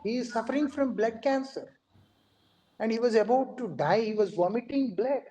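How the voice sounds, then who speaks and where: Earnest monk giving a mellow lecture. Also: male voice, extremely high pitch, normal speed, poor audio. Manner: earnest, explains scripture phrase by phrase. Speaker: monk giving a devotional talk. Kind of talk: devotional lecture.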